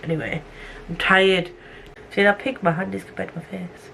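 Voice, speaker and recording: A young woman chats on her book vlog, rambling from one tangent to the next and poking fun at herself. Her voice sits at a middling pitch and is picked up on a camera mic, with faint noise behind it. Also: steady tone, moderate pace, gravelly, fairly bright tone. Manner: rambling, self-mocking, goes off on tangents. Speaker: book vlogger. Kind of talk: casual vlog chat. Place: home room at night.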